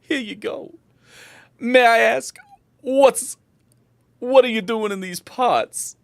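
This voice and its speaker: A woman voicing an excitable male tavern bartender who gushes with astonishment. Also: slow pace, creaky, no room sound, clean studio sound. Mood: gushing. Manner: gushing, astonished, high-pitched.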